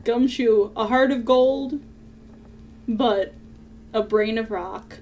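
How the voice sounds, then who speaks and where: A woman's voice: fairly high pitch, takes it slowly, long pauses, darkish tone, a little hiss or hum. A woman streaming a video game playthrough, cracking sarcastic jokes about the story. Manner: joking, sarcastic, laughs often. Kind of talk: let's-play commentary.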